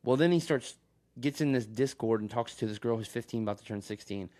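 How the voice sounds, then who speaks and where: A man in middle pitch tells a long, crude story in loose, rambling podcast chat, laughing as he goes. He is recorded on a phone. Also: brisk, mellow. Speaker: podcast co-host. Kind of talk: casual chat.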